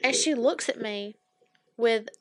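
A woman's voice: a little high, slow. A young adult woman chatting casually, telling a long rambling story and acting out the people in it. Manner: rambling storyteller, acts out quoted people, says "anyway" often. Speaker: podcast co-host. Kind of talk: casual chat.

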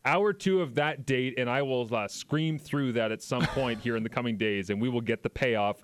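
A middle-aged man with a Canadian accent co-hosting a sports talk radio show. He rambles through stories with easy, frequent laughter, in a voice of ordinary middle pitch. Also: moderate pace. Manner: laughs a lot, rambling storyteller. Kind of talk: casual radio banter. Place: radio studio.

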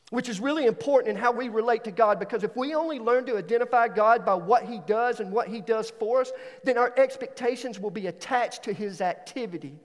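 High-voiced man preaching in a hall. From Alabama. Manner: animated storytelling, swings into excited higher voice. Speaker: student pastor. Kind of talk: sermon. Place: church auditorium.

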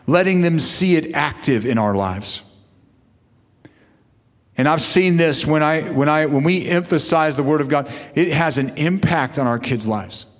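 A male pastor with a slightly high voice preaches a sermon to fathers at a slightly slow pace. He mixes in call-and-response asides to his congregation, and the recording carries long hall reverb.

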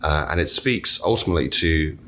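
British teacher guy, super deep but crisp voice, lots of uhs, little bit of hiss. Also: brisk, sharp tone. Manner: thoughtful, hesitant with many fillers. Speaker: literature teacher. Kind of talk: conversational interview.

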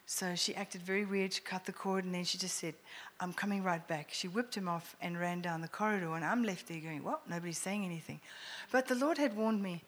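A middle-aged woman sharing a personal testimony, animated and often laughing, sometimes dropping to a hushed near-whisper. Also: fairly low pitch, fairly quick, hardly any pauses. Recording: echoey hall with faint noise.

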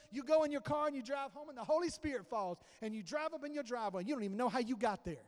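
High-voiced preacher man in a reverberant hall. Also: quick pace, hardly any pauses. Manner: conversational preaching, acts out dialogue. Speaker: pastor. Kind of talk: sermon. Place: church sanctuary.

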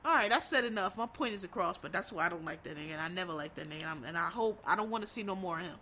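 A woman's voice: medium pitch, fast, few pauses, pushed and bright. A woman vlogger giving blunt, profane, emphatic opinions in casual commentary, full of rambling asides. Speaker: vlogger reviewing films and shows.

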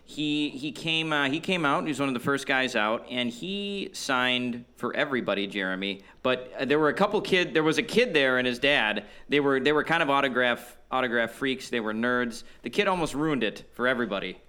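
A man's voice: medium pitch, lively intonation, brisk, few pauses, pushed and bright. A man co-hosting a casual podcast, talking eagerly with frequent restarts. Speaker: podcast co-host. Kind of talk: casual chat.

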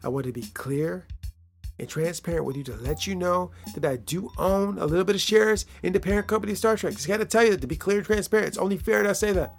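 Gravelly guy rambling on his podcast, jokey, keeps repeating himself. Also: high-pitched, fast, faint music behind. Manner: playful, rambling, repeats phrases, laughs at own jokes. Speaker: podcast host. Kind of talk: casual solo podcast monologue.

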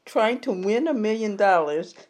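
A woman hosting a podcast, interviewing a guest with measured questions and some hesitant fillers. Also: mid-range voice, animated, a little mellow. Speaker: podcast host.

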